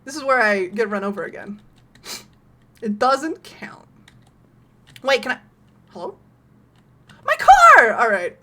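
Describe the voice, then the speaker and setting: A young woman streaming a horror game, excitable, laughing often and swearing casually. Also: on the high side, measured pace, pauses often, a little hiss or hum. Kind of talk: casual gameplay commentary.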